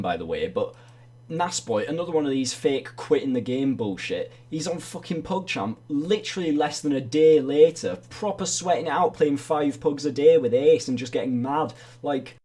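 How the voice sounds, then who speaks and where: A man hosting a parody awards livestream, talking in crude, profane banter. His voice sits at a middling pitch. He keeps up a mocking, running commentary. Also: lively intonation, moderate pace, mellow, slightly rough. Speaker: host.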